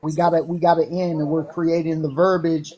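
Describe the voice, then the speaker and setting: Halting high-voiced man calling in. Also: level tone, mellow, rough recording. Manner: halting, many fillers and restarts. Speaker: caller. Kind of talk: casual chat.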